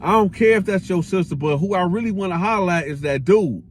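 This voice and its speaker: A man's voice: high-pitched, fairly quick. A man voicing a hot-tempered young man who is pushy and slangy as he demands his money back. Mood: indignant.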